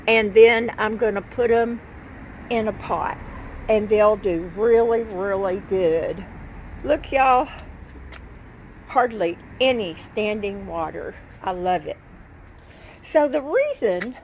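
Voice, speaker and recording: A gardening vlogger chats casually with her viewers in her backyard garden, showing off the plants she's fond of. Her voice is fairly high, and the poor audio carries slight background noise.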